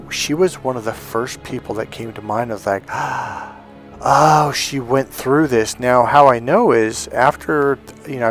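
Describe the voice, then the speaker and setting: A middle-aged man, a relationship coach, telling a personal story in a casual monologue, acting out the voices of the people he quotes, with lots of fillers. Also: medium pitch. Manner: animated, acts out quoted voices, many fillers.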